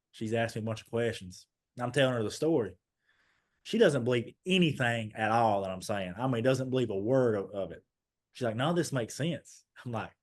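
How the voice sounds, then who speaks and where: A young man, a podcast guest telling a story and acting out the dialogue as he goes. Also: mid-range voice. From Eastern Kentucky, USA. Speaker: guest, former basketball player.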